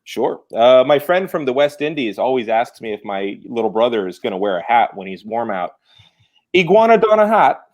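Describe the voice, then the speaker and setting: A man telling puns on a video call in drawn-out question-and-answer setups. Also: medium pitch, darkish tone, muffled recording. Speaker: comedy guest.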